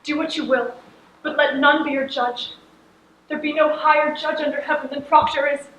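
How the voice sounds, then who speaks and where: Young woman playing an earnest farm wife, bright high voice, echoey stage from far off. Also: steady tone, normal speed, muffled recording, slight background noise. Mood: tender. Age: late teens. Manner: earnest, pleading. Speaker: student actor. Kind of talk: stage acting in a school play. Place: school stage hall. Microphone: distant camera in the audience.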